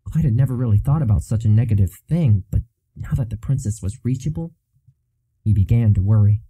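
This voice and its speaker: Male audiobook narrator, steady storytelling, low and very mellow. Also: brisk, breathy edge, no room sound, poor audio. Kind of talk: scripted narration of a fantasy novel.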